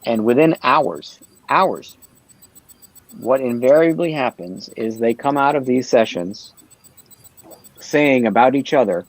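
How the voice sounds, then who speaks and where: A man's voice: medium pitch, lively intonation, slow pace, pauses often, no room sound, rough recording. A man talking earnestly on a livestream panel, explaining his ideas and often checking in with "right?".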